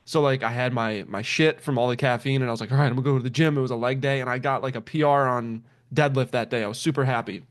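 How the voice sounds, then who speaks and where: A young man telling a story in casual chat, animated, swearing and laughing often as he acts out what people said. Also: medium pitch, fast, few pauses.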